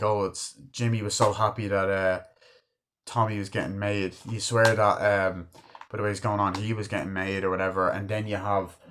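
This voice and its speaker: A man giving a casual, excitable movie review, swearing a lot and acting out scenes he loves. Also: on the low side. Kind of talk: casual film review monologue.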